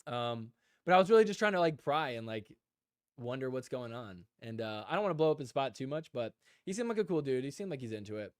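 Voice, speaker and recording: A young man hosting a casual live stream, telling animated stories and reading chat comments aloud, full of "like" and "dude". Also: medium pitch, quick pace, no echo, clean studio sound. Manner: filler-heavy, says "like" and "dude" a lot. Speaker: podcast host.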